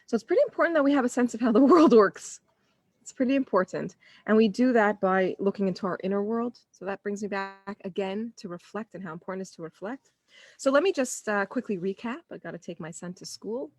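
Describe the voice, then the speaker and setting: A woman's voice: medium pitch, animated, fairly quick, darkish tone, no echo. A woman parenting coach speaking casually on a live stream, telling stories and acting out quoted dialogue.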